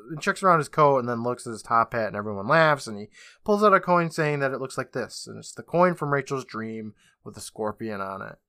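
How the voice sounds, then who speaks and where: Bright-voiced man recapping an episode. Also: mid-range voice, no echo, studio quality. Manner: loose, profane, sarcastic retelling. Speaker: podcast host.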